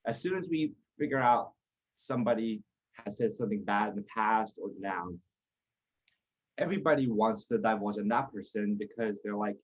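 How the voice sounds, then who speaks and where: A man's voice: lowish voice, moderate pace, lo-fi sound. A man talking as a podcast guest in a loose, rambling way, circling back and restarting his thoughts. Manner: rambling, lots of fillers and restarts. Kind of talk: casual conversation.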